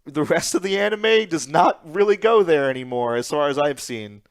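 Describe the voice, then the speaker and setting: A young man on a casual podcast, voice slightly high for a man and swinging widely in pitch. He talks in an animated, profane way and slips into quick quoted voices when he retells scenes. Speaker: podcast co-host. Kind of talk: casual chat.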